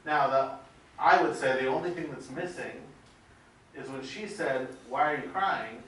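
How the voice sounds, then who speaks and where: A man's voice: medium pitch, a little slow, fairly bright tone. A man leading a group seminar, coaching participants earnestly and calling on people. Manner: earnest, asks questions and calls on people. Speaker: seminar leader. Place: large echoey seminar room. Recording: echoey room from far off with noise.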